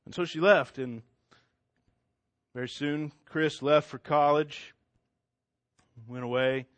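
A man's voice: on the high side, steady tone, takes it slowly, no room sound. A man telling a story in a casual, conversational way, with asides to the listener. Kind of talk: oral storytelling.

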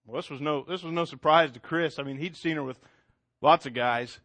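A male storyteller who tells his tale conversationally, dropping in asides to the listener. His voice sits a little high. It is recorded close, with a dry, dead sound. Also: brisk, a bit bright, no echo. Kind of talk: oral storytelling.

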